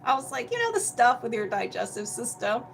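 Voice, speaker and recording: A woman's voice: on the high side, sing-song, a little fast, vocal fry, background noise. A young woman hosting a casual energy healing livestream at home, bubbly and chatty, greeting viewers by name and laughing often, feeling hot and sweaty. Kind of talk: casual livestream chat and explanation.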